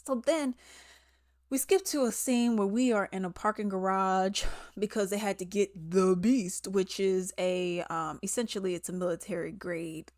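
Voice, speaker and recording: A woman, casually recapping a movie, animated and exasperated, acting out the characters' lines. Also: medium pitch, moderate pace, no echo, clean studio sound. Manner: chatty and animated, acts out characters' lines in quotes; exasperated, sarcastic asides. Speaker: movie reviewer.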